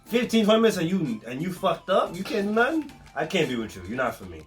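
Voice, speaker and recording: A man's voice: sits high, sing-song, quick pace, faint music behind. A man chatting loosely with his girlfriend in a couple vlog, slangy and full of swearing. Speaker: vlog co-host, boyfriend. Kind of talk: casual couple chat.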